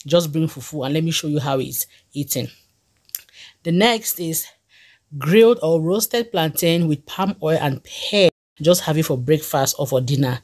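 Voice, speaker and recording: A woman's voice: low-pitched, expressive, unhurried, darkish tone. A young woman with a Cameroonian accent, presenting a list of dishes in a chatty, enthusiastic way. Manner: enthusiastic, chatty, laughs easily. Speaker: food vlogger.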